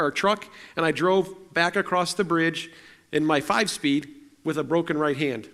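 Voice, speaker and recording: High-voiced preacher telling stories. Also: male voice, a bit bright. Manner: conversational and self-deprecating, with frequent restarts. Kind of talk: storytelling sermon.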